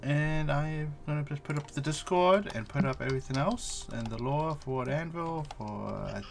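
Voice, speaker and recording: A man's voice: a little high, moderate pace, gravelly, background noise. A man running a streamed tabletop game as game master, chatty and joking.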